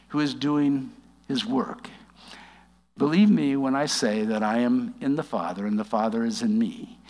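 A man giving a conversational sermon, reading scripture aloud and explaining it with wry asides, slowing down for emphasis. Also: mid-range voice, long reverb tail. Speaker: preacher.

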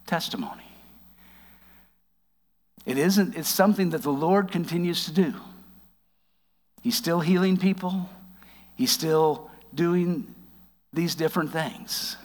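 A man giving a conversational sermon, reading scripture aloud and explaining it with wry asides, slowing down for emphasis. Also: on the high side, long reverb tail. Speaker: preacher.

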